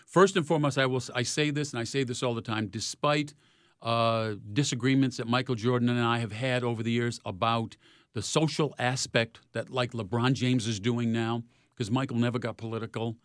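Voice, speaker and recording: A retired sports reporter in his sixties, telling lively stories in an interview. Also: a little fast, clear, resonant tone, no echo, clean studio sound. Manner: animated storyteller, rising loud in highlights. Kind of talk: storytelling interview.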